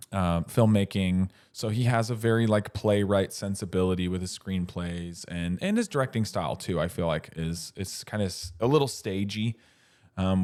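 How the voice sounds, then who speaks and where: This is a man in his thirties chatting on a podcast in a low-pitched voice. He rambles with enthusiasm, stacking up fillers and restarting his sentences as he goes. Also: darkish tone. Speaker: podcast co-host. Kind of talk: casual chat.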